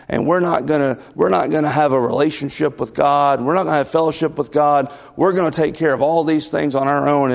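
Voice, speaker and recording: Male pastor, slightly high voice, folksy sermon storytelling, echo of a church hall. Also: gravelly, a little mellow. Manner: folksy storytelling with asides and laughs.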